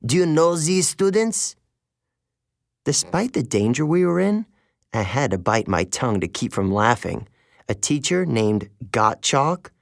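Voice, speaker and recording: A man's voice: mid-range voice, gravelly, no room sound. A man narrating an audiobook in the first person, wry and conversational, close to a studio mic.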